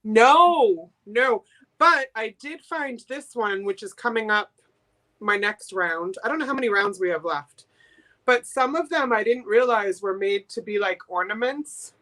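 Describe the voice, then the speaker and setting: A woman's voice: a little high, animated, a bit bright. A woman from Boston chatting casually and enthusiastically as a guest seller on a live-stream sale. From Boston, USA. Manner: chatty and enthusiastic, quick giggles.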